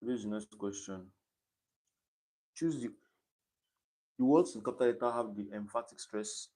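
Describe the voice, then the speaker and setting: A man's voice: medium pitch, moderate pace, warm tone. A young Nigerian man tutoring exam questions on a live stream, explaining step by step and repeating key points. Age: young adult.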